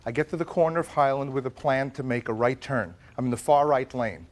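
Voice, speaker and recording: Animated man telling his story. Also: mid-range voice, brisk. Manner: dramatic, acts out quoted dialogue. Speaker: plaintiff in small claims court.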